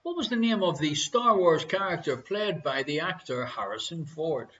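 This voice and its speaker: In dull lo-fi stream audio, an Irish man hosts a live online quiz show from home, his voice on the high side, sharp, and expressive at a moderate pace. He keeps it jokey and chatty, saying each question twice and bantering with his partner.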